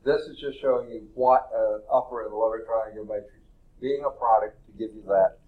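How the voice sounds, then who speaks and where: A man teaching a math class in a classroom, talking deliberately and drawing out his words as he writes on the board. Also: lowish voice, fairly even intonation, phone-quality sound. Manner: deliberate, stretches words while writing on the board. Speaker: math instructor. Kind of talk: classroom lecture.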